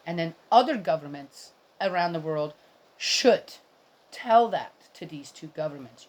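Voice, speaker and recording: A woman's voice: low voice, expressive, measured pace, darkish tone. A middle-aged woman giving casual, indignant commentary on a Bible reading, rambling and speaking straight to her viewers.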